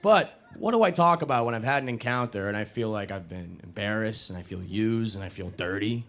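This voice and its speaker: A man's voice: lowish voice, a little fast. Young man, stand-up comic, casual self-deprecating delivery, handheld stage mic, faint noise behind. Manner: casual, self-deprecating, animated crowd work. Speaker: stand-up comedian. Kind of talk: stand-up comedy set.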